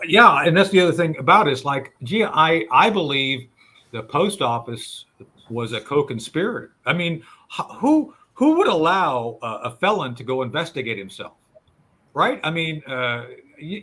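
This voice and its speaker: A man's voice: a little high, sing-song, moderate pace, fairly bright tone. A man guest on a radio talk show, recounting events step by step and addressing the hosts directly. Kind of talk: conversational storytelling.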